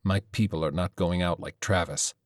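A man voicing an angry male squad leader who talks in clipped, forceful bursts and curses. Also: low-pitched, steady tone, normal speed, no room sound, studio quality, close to an everyday voice. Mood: menacing.

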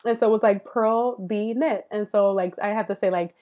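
Female interview guest, chatty maker, lots of fillers, mid-range pitch. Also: steady tone, fast, phone-quality sound. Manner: chatty, laughs often, filler-heavy. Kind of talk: casual interview chat.

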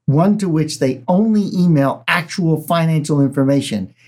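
A man's voice: a little high, normal speed, a little mellow. A man hosting a podcast, chatting casually and easygoing, laughing often. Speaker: podcast host. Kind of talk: casual chat.

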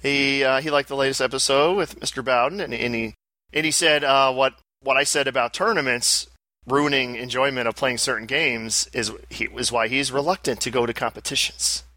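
A man co-hosting a casual podcast in a bright, forceful voice. The sound is dry and close. He rambles through his explanations and often restarts his phrases. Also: medium pitch, steady tone, normal speed, no echo. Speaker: podcast co-host. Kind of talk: casual chat.

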